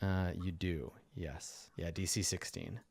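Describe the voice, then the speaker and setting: A man's voice: low voice, steady tone, slow pace, vocal fry, darkish tone, husky. A man narrating as game master of a tabletop game, rambling with fillers and restarts.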